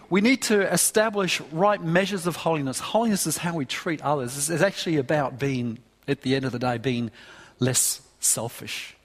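Earnest preacher in a reverberant church. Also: male voice, a little high. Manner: earnest, emphatic, with repeated restarts. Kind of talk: sermon. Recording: long hall reverb.

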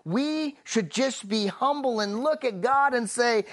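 A male pastor preaching a sermon, emphatic, slowing down on key phrases and dropping soft and low at the close of a thought. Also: expressive.

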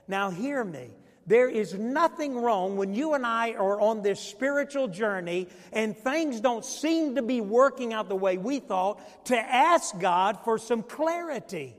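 A man's voice: high voice, lively intonation, unhurried, long reverb tail. A male pastor preaching a sermon, emphatic and asking the congregation questions. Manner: emphatic, call-and-response questions.

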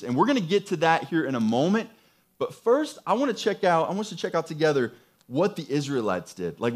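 A man preaching a sermon, reading scripture and then explaining it with emphatic, rising passages and repeated phrases. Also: fairly high pitch. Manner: emphatic, builds to excited peaks with repeated phrases. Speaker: pastor.

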